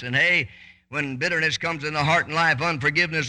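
A preacher man delivers a fervent sermon in a very bright, slightly high voice. He breaks into sudden loud, high bursts and rattles off quick asides.

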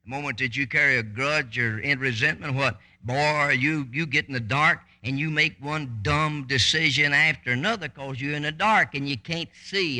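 A preacher man delivers a fervent sermon in a very bright, slightly high voice. He breaks into sudden loud, high bursts and rattles off quick asides.

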